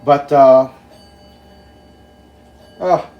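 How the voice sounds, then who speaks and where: Slow-talking man hosting a cooking video. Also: mid-range voice, echoey room, dull audio, faint music behind. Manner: slow, relaxed, talks to viewers while tasting. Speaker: home cooking show host. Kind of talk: casual cooking demonstration.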